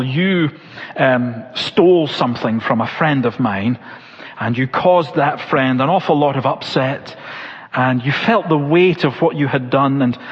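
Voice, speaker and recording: A male preacher giving an expository sermon, asking rhetorical questions and pausing for emphasis. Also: medium pitch, slightly rough. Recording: lo-fi church recording with long reverb.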